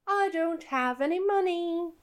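A woman voicing a female bird creature whose voice switches between mismatched borrowed voices within a sentence, in a tabletop game. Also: a little slow. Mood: sing-song. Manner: voice jumps between mismatched pitches mid-sentence.

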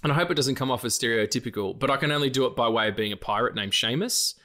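A man's voice: medium pitch, very fast, sharp tone. A man in his late thirties co-hosting a podcast, chatting loosely with swearing, laughs and restarts. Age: late 30s. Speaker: podcast co-host. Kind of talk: casual chat.

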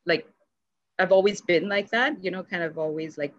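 A woman's voice: on the low side, normal speed. A woman guest in a candid interview, talking from home, rambling with many fillers and frequent laughter. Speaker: podcast guest. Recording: dull lo-fi call audio.

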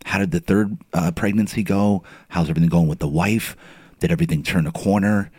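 A male interviewer with a very deep, husky voice asks questions and prompts his guest with short affirmations. The sound is close and dry. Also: a little fast, a little mellow, no echo. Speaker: interview host. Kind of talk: casual interview chat.

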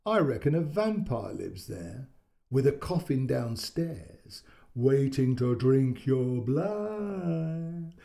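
A man's voice: medium pitch, very animated, slow pace, gravelly, warm tone, full character voice. A man voicing a playful uncle who teases and jokes in a read-aloud story. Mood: teasing. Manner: teasing.

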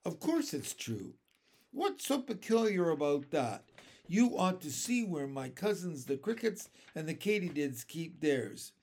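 A gentle old green grasshopper, kindly and a little proud, lectures with a lively, rising and falling voice, as a man reads him aloud. The tone is gravelly and slow. It is a storybook voice. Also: fairly high pitch, full character voice.

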